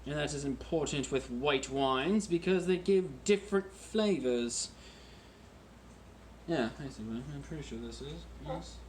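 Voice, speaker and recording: A man hosting a casual wine-tasting vlog at home in a deliberately put-on British accent, joking and rambling about himself while recording on a phone. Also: on the high side, animated, darkish tone, a little hiss or hum. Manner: jokey, rambling and self-mocking.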